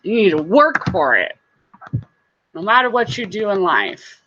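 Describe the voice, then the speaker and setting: Gal chatting on her livestream, bright voice, kinda muffled sound, laughs a lot. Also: mid-range voice, sing-song, a little slow, a little hiss or hum. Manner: chatty, greets viewers, laughs often. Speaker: vlogger hosting a livestream. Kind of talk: casual livestream chat.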